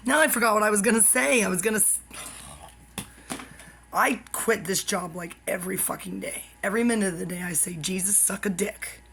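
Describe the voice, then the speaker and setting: Rambling woman with a gravelly voice. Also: mid-range voice, brisk, long pauses, pushed and bright, slight background noise, poor audio. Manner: stream-of-consciousness, jumps between topics, drops into whispered asides. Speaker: YouTuber. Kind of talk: rambling monologue.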